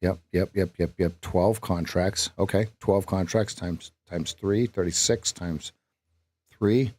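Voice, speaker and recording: A man's voice: low voice, fairly even intonation, takes it slowly, a little mellow. A man hosting a live trading stream as coach, thinking aloud through numbers and joking at his own lines. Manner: chatty, jokes at his own lines and laughs at them.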